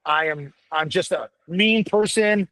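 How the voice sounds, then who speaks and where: A gruff middle-aged man speaking as a firefighter guest in a casual chat, blunt and profane, telling stories with energy. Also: high voice, a little slow, rough recording. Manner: blunt, profane, animated storytelling. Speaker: podcast guest, firefighter paramedic.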